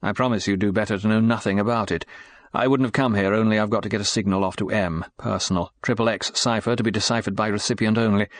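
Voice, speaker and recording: A weary, battered British secret agent, as a male narrator voices him, tired and understated. His voice sits a little low, and the recording is dry and close. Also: fairly even intonation, fast, dry recording, close to an everyday voice.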